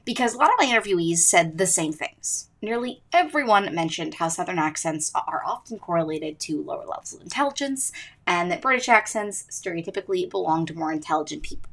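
A woman's voice: on the low side, animated, brisk, gravelly, fairly bright tone. A teenage girl hosting her school podcast, narrating from a script in an earnest, emphatic way. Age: teens. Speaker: student podcast host.

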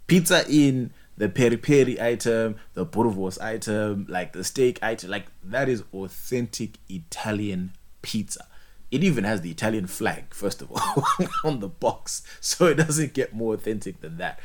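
A young man, chatting casually, animated and joking, full of slang and repeated words. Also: fairly low pitch, normal speed. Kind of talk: casual chat.

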